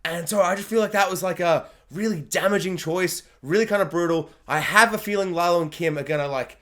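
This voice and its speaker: A man's voice: sits high, bright, forceful tone. A young man chatting casually through a spoiler review of a TV episode, rambling along and acting out what the characters say. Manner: chatty, rambling, quick to act out quotes. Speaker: TV review vlogger. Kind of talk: casual spoken recap and review.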